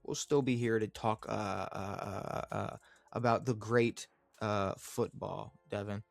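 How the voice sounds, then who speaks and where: A man's voice: on the low side, fairly even intonation, slow, creaky, no room sound, soft background music. A young man co-hosting a casual sports podcast, rambling and laid-back with lots of fillers. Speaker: podcast co-host.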